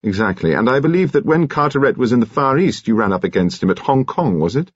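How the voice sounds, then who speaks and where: A man's voice: mid-range voice, very animated, fast, breathy edge, no room sound, lo-fi sound, pitched above the performer's own voice. A man voicing a cool, urbane police detective with a polished, lightly ironic manner. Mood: probing.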